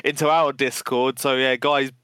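Male co-host, relaxed and chummy, dry close sound. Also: medium pitch, normal speed, clear, resonant tone, dry recording. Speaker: podcast co-host. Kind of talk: casual chat.

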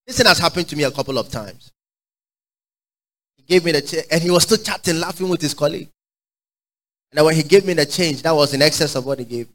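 A man preaching a sermon, fervent and call-and-response, swinging from shouts to quiet asides. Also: fairly high pitch, quick pace, long pauses, poor audio.

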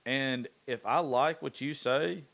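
A man's voice: mid-range voice, slow pace, creaky, a bit bright. A man with a Southern accent talking politics in a casual chat, profane and emphatic, often repeating himself as he drives a point home.

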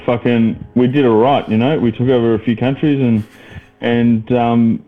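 A man's voice: mid-range voice, fairly even intonation, moderate pace, narrow, tinny audio, faint music behind. A man co-hosting a podcast, rambling with lots of fillers and swearing as he ribs his mates. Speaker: podcast co-host. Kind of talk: casual banter.

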